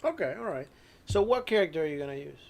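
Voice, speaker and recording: A man narrating as game master of a tabletop horror game, unhurried, with many ums and frequent throat clearing. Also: on the high side, lively intonation, a little mellow.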